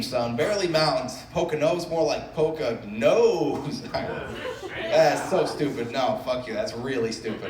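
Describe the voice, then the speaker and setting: A Brookline, Massachusetts stand-up works the club crowd with loose jokes at his own expense. His voice sits at a middle pitch, picked up from some distance in an echoey room, with slight background noise and a faint buzz of ambience.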